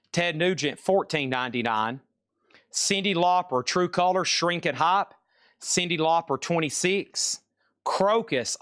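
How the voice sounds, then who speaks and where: A man hosting a live-streamed vinyl record sale, briskly listing records and prices and apologizing for delays. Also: a little high, a bit bright, smooth, no echo, clean studio sound.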